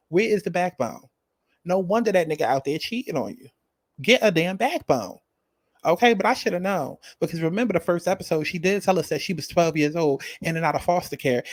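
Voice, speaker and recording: Sassy man recapping a reality show, dramatic, cussing, higher-pitched, dry close sound. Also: no echo. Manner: sassy, dramatic, profane, talks straight to the viewer. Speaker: reality TV reaction commentator. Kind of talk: casual reaction commentary.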